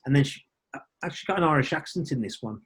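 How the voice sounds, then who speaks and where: A man's voice: medium pitch, lively intonation, rapid-fire. A male actor talking as a podcast guest in casual chat, rambling and enthusiastic, often restarting his sentences. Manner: rambling, enthusiastic, self-interrupting.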